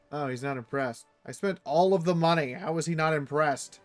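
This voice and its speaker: A man streaming a strategy game, reading the event text aloud and reacting playfully, jumping into sudden high squeals. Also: moderate pace, few pauses, no room sound, soft background music. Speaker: let's play streamer.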